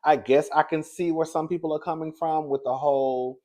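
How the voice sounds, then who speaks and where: Fairly quick and full of sass, a man runs through celebrity gossip in a chatty, casual way. He calls his viewers "girl," going from low murmurs to sudden high, excited bursts.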